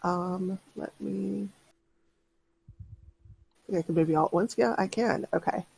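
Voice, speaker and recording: Unhurried woman dungeon master. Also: medium pitch, gravelly, a little mellow, slightly rough, dry recording, low-quality recording. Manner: patient, stops to direct players. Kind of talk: narrating a tabletop game.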